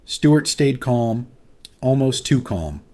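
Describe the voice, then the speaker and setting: A man's voice: mid-range voice, big pitch swings, slow, darkish tone. A man narrating a scripted story in a dramatic, suspenseful manner.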